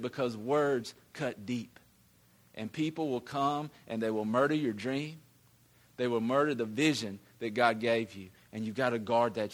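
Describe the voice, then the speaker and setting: A man, a pastor preaching a sermon in a conversational, emphatic way that often repeats words. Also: mid-range voice.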